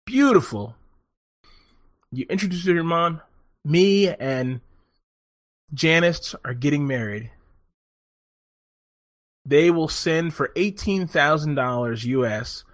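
A man telling a long story in a profane, animated way, often laughing as he talks in casual chat. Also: fairly high pitch, dry recording, clean studio sound.

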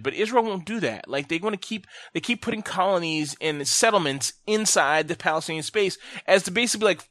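A man with a fairly high voice rants on a casual podcast, swearing freely and speaking bluntly. His pitch and loudness jump around as he gets heated. The sound is dry and close, with no room echo. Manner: profane, ranting and blunt; animated, with quick swings in pitch and loudness. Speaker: podcast host.

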